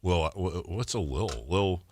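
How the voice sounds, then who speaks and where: A man's voice: sits low, darkish tone, no echo. A man hosting a sports radio show, riffing playfully through casual banter. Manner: playful, riffing, quick to laugh.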